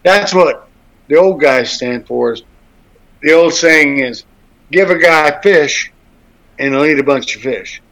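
A man's voice: fairly high pitch, a little slow, pauses often, a bit bright, low-quality recording. A man hosting a casual talk show, rambling with crude jokes and many restarts. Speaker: radio show host.

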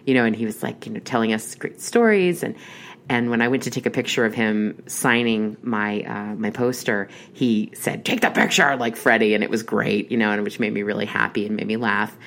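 A woman's voice: rumbling low, fairly even intonation, moderate pace, slight background noise. A young adult woman telling a long, rambling personal story in casual chat, with many restarts and fillers. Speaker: horror podcast host.

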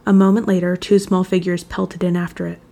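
Gravelly low-voiced woman reading a story. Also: flat delivery, a little fast, mellow. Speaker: narrator. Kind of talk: fan fiction audiobook reading.

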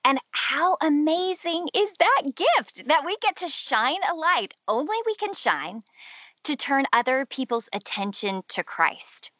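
A woman's voice: sits high, big pitch swings, measured pace, a bit bright, no echo, dull audio. A middle-aged woman and mother, a guest on a faith podcast, speaking earnestly and acting out inner voices. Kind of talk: faith-based podcast conversation.

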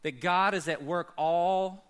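A man preaching a sermon as pastor, swinging between loud bursts and quiet low asides. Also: slow pace, clear, resonant tone.

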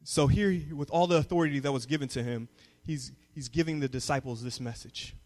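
A young man preaching a sermon as a youth pastor, moving from calm teaching to loud call-and-response. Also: medium pitch, fairly quick. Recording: long reverb of a hall.

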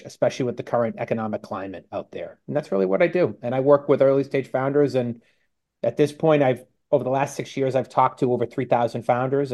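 A man gives an interview, confident and explanatory, with a voice of middle pitch. His answers are relaxed and conversational. He speaks over a video call. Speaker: guest.

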